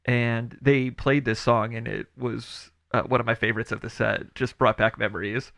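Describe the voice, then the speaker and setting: A man co-hosts a relaxed music podcast in a mid-range voice with a lot of gravel in it. He is agreeable and easygoing, and often answers in short replies. The recording is close and dry. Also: medium pitch, moderate pace, dry recording. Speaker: podcast co-host. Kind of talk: casual chat about music.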